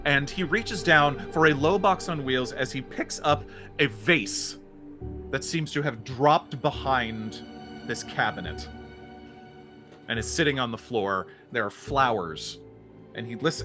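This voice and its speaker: A man running a tabletop horror game as game master, narrating with laughs and halting restarts. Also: medium pitch, lively intonation, music in the background.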